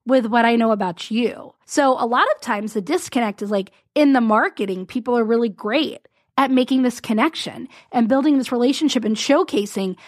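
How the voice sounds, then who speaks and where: Chatty woman podcast host and business coach, pitched a bit high, rambly asides, dry close mic. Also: a little fast, no echo. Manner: chatty, rambling, self-interrupting with little laughs. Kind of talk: casual solo podcast talk.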